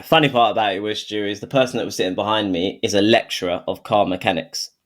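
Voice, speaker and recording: A man's voice: on the low side, fairly even intonation, quick pace. A man co-hosting a podcast, telling holiday anecdotes in an easygoing way and laughing through them. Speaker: podcast co-host. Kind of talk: casual storytelling chat.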